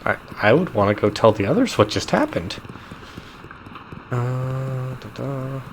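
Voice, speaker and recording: A man's voice: medium pitch, big pitch swings, measured pace, slight background noise. A man streaming a game live, reading the game text aloud with amused asides and chuckles. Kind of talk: live gameplay commentary.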